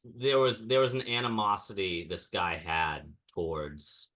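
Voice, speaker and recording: Deep, bright-toned man ranting. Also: little pitch movement, a little slow. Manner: ranting storyteller, mimics people he quotes. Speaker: podcast co-host. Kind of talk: casual chat.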